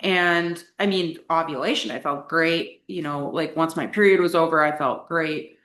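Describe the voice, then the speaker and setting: A woman's voice: deep voice, moderate pace, fairly bright tone, a little hiss or hum. A young adult woman, a coaching client, telling her personal story in a casual, candid way, with lots of "like" fillers. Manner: candid, chatty, frequent "like" fillers. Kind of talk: casual interview talk. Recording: echoey room.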